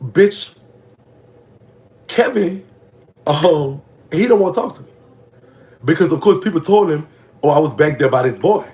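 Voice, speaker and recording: A man's voice: on the high side, expressive, a little slow, long pauses, a little mellow. A man with a Louisiana Southern accent telling a prison story in casual, gossipy storytime talk, his voice leaping up when he reacts to comments. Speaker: vlogger telling prison stories.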